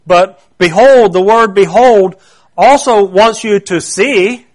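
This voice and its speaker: A man's voice: high voice, takes it slowly, darkish tone. A man preaching a sermon, explaining a Bible word in an earnest way that grows more intense when he stresses a point.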